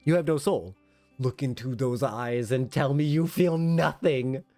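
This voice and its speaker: A man streaming a game, chatting in an excitable, rambling, self-mocking way from a home setup. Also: medium pitch, measured pace, no echo, soft background music. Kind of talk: casual game stream commentary.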